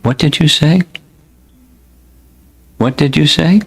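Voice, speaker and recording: A man reading scripture aloud, voicing a young male divine teacher who cries out in rapture, his pitch jumping far above his reading voice. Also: takes it slowly, creaky, breathy edge, exaggerated voice. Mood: bewildered. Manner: rapturous, exclaiming in repeated pleas.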